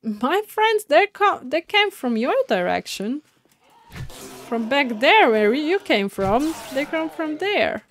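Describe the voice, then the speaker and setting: A woman streaming a survival game, chatting casually with teammates, laughing often and yelling when things go wrong. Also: high voice, big pitch swings, slow, slight background noise. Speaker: gaming streamer. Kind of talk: casual let's-play commentary.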